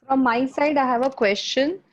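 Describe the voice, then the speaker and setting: A woman hosts a webinar and politely asks the guest questions for everyone listening. Her voice sits a little high and comes through dull and muffled, as on a video call. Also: steady tone, normal speed. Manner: polite, asks on behalf of audience. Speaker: webinar moderator.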